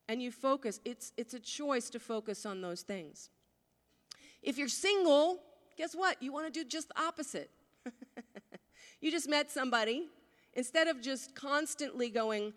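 A woman's voice: high-pitched, animated, normal speed, fairly bright tone. A woman pastor giving a conversational sermon, often asking her listeners questions. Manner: conversational, asks the congregation questions. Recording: long hall reverb.

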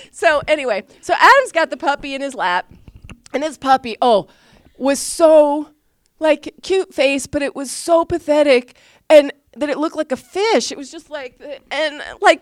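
A woman giving a personal testimony at a church service, a chatty and animated storyteller who laughs often and fills her speech with restarts. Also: high voice, normal speed, no echo. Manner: chatty, many fillers and restarts. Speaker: church speaker sharing a testimony.

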